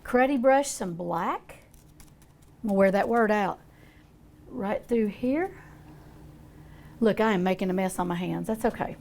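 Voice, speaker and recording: A woman's voice: medium pitch, normal speed, creaky, a little mellow, slight background noise. An older woman demonstrating a painting, talking in a chatty, folksy way as she thinks aloud. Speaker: art teacher.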